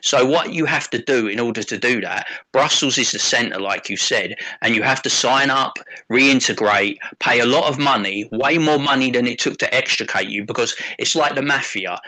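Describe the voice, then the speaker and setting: An English man with a bright, sharp-edged voice talks loosely on a livestream. He jokes crudely and keeps checking in with tag questions. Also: medium pitch, normal speed, hardly any pauses, poor audio. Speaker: co-host. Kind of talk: casual livestream chat.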